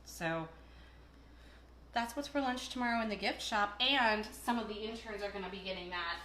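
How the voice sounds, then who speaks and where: Chatting, joking and telling stories while she cooks, this host speaks at a normal speed in a medium-pitched voice. The background is noisy. Her kitchen echoes with clattering dishes and cutlery, recorded by a camera placed across the room.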